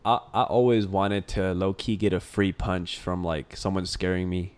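A man's voice: low voice, level tone, normal speed, clean tone. Laid-back slangy podcast guy. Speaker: podcast co-host. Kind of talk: casual podcast chat.

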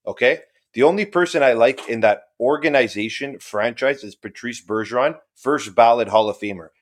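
A man's voice: medium pitch, moderate pace. A man co-hosting a casual sports podcast, talking emphatically, ranting and swearing freely. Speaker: podcast co-host.

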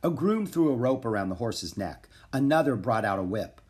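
A man narrating a children's book in an expressive storytelling voice. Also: medium pitch, moderate pace. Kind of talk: children's audiobook reading.

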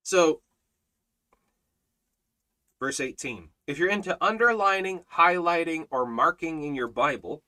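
A man leading a Bible study, preaching emphatically with repeated exhortations and swings between loud and quiet. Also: a little high, a little slow, pauses often. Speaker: Bible teacher.

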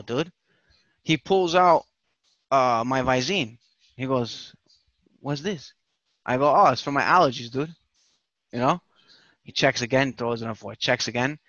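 Animated storytelling guy, lo-fi dry sound. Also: mid-range voice, dry recording. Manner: animated, swearing, repeats himself. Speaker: podcast host. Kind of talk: casual storytelling chat.

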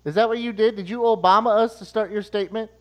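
A co-host teases and needles the others in casual comedic banter. His voice is fairly high for a man. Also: steady tone, quick pace. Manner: teasing, needling.

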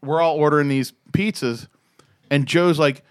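An older man from the eastern United States, a podcast guest telling a loud, profane, rambling story and interrupting often. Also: mid-range voice, moderate pace, pauses often. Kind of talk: casual storytelling chat.

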